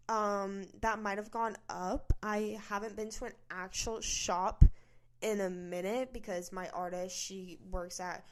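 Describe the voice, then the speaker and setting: A woman hosting her own podcast, talking casually and candidly to listeners and swearing freely. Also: mid-range voice. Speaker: podcast host. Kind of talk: casual solo podcast chat.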